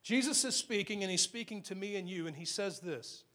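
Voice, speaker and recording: A high-pitched man delivering a sermon to his congregation. He speaks earnestly, dropping soft and then rising to strong emphasis on key points, and slows down when reading scripture aloud. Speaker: pastor.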